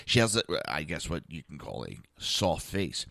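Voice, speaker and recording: A man's voice: very deep voice, very animated, normal speed, gravelly, bright, forceful tone, no echo. A man hosting a podcast, delivering a blunt, profane political monologue full of rhetorical questions. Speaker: podcast host. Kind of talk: opinionated political commentary monologue.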